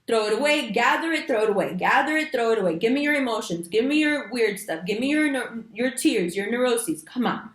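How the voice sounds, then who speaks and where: A woman giving a monthly astrology reading, talking straight to her viewers in an animated, emphatic way with casual slang. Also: a little high, fairly quick, roomy sound. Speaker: astrology reader. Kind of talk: monthly horoscope reading to camera.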